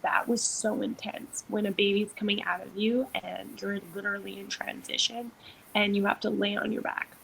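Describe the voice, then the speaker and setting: A young woman co-hosting a podcast, telling a personal story in a casual, animated way, acting out quotes and using lots of fillers. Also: medium pitch, normal speed, gravelly, slightly rough, rough recording. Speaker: podcast co-host, doula.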